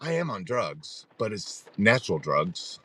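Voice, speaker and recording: Animated, rambling middle-aged man. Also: on the low side, unhurried, husky. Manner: animated, rambling storyteller who restarts sentences and laughs at himself. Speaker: host of a support group livestream. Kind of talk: casual storytelling on a livestream.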